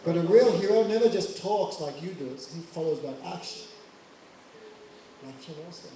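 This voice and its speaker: Animated male preacher in an echoey hall. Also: on the high side, normal speed. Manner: animated, laughs at own jokes. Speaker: preacher telling scripture stories. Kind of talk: devotional storytelling sermon. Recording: echoey hall, mic far off, faint noise.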